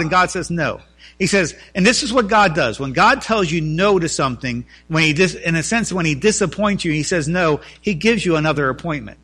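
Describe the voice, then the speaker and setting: Guy preaching a sermon, high pitched and bright, gets worked up. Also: moderate pace, slightly rough. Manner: animated preaching, voices biblical figures in quotes. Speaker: pastor.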